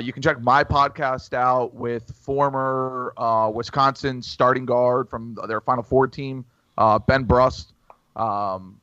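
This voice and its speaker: A man's voice: medium pitch, fairly bright tone, smooth, no echo. Podcast regular, man, mid voice, hesitant with fillers, slightly muffled lo-fi audio. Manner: halting, full of ums and uhs. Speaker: podcast regular, basketball blogger. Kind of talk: casual podcast chat.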